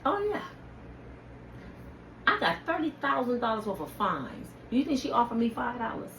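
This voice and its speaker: Heated, preachy woman with a lively high voice. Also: fairly quick, vocal fry. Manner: heated, preachy, addresses viewers directly. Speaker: channel host. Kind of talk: impassioned personal rant to camera. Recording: echoey room with faint ambient noise.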